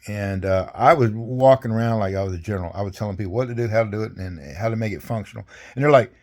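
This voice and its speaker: A man's voice: fairly low pitch, fast, a little mellow. Older man, army veteran, rambling folksy storyteller, salty language, video call. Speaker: veteran interviewee. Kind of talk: casual storytelling interview.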